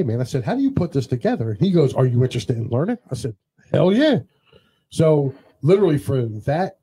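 A man's voice: mid-range voice, husky. A man co-hosting a show, casually telling anecdotes and acting out what others said. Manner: animated anecdote-teller, acts out quoted dialogue. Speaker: podcast co-host. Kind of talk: casual storytelling chat.

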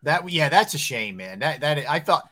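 A man's voice: on the high side, sing-song, normal speed, sharp tone. A man hosting a sports talk show, steering the conversation by putting questions to his co-hosts. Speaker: host.

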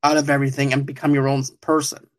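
A man's voice: medium pitch, completely flat delivery, fast talker. A man hosting a podcast, reviewing a TV show in casual chat, rambling and laughing often. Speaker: podcast host.

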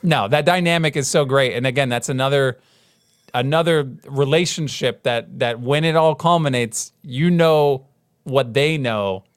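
A man in his thirties co-hosting a podcast, talking in a mid-pitched voice. He rambles, restarts his sentences and acts out scenes as he retells them. The mic is close and dry, with no room sound. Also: measured pace, clean tone, no echo. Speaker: podcast co-host. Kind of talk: casual chat.

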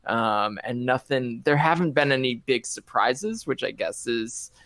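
Podcast guy, chill, lots of likes and you knows, crisp voice, dry close sound. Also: medium pitch, a little slow, no echo. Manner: relaxed, thinking aloud with many fillers. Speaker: podcast co-host. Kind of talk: casual wrestling review chat.

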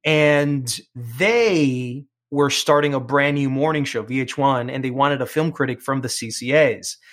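This middle-aged man, a TV presenter and film critic from New York, United States, talks with a New York accent about his career as an interview guest. His mid-range voice has a fairly bright tone and a measured pace. He sounds earnest and repeats words when starting a thought.

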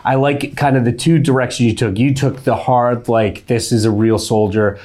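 A man's voice: medium pitch, steady tone, moderate pace, a little mellow. A man hosting a comedy podcast game, upbeat as he judges and gives feedback. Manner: upbeat, judging and giving feedback. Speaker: podcast host.

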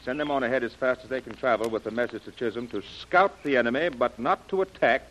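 An actor playing a brisk expedition leader who gives crisp orders, in a 1930s radio drama style. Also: male voice, mid-range voice, a bit bright, slight background noise, lightly acted. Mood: commanding. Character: brisk commanding man leading an expedition. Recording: muffled old radio recording.

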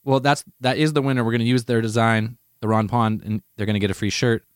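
A man's voice: mid-range voice, quick pace, no echo. Easygoing guy on a podcast, swears a lot, middle voice, dry mic. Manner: relaxed, swears casually, enthusiastic. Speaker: podcast co-host. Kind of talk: casual podcast chat.

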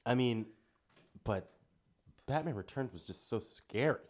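A man co-hosting a podcast in casual chat, animated and swearing freely. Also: medium pitch, measured pace. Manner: animated and profane. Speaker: podcast co-host.

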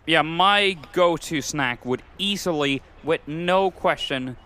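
Young male podcast host, animated, swears freely, stumbles and repeats himself, somewhat high, bright tone. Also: slow. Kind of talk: casual podcast chat.

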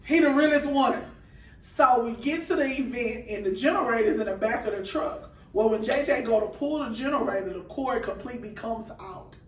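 A woman's voice: fairly high pitch, moderate pace, recorded from a distance, a little hiss or hum. A woman guest on a podcast, telling a story in casual chat and acting out the dialogue with quoted voices. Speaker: guest, food truck owner. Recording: roomy sound from off-mic.

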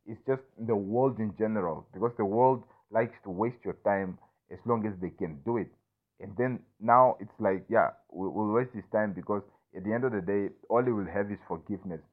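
Young man, low-pitched, candid rambling talker who curses and keeps checking in with the listener; thin phone-quality recording. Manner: rambling, repeats "you understand me", frequent restarts, profane. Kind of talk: candid personal monologue. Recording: tinny phone-like audio.

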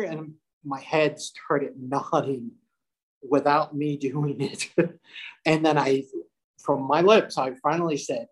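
A man's voice: medium pitch, fairly even intonation, measured pace, low-quality recording. A man telling a first-person story about a paranormal investigation, acting out the quotes and breaking into laughter.

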